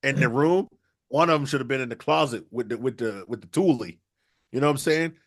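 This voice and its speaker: A man co-hosting a podcast, riffing crudely through loud, animated comedic storytelling. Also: mid-range voice, fairly quick. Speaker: podcast co-host.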